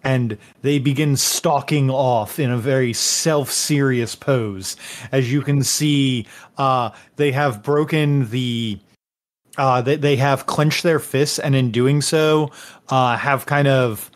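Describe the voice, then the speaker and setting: A man narrating a tabletop game as game master, speaking in a halting way with many pauses and fillers. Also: mid-range voice, fairly even intonation. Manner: slow, halting, many uhs.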